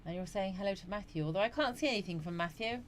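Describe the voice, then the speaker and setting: A woman's voice: mid-range voice, quick pace, a little hiss or hum. A middle-aged woman hosting a casual live chat stream from home, greeting viewers by name and reading their comments out. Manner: chatty, greets viewers by name, frequent yawns and laughs. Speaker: livestream host.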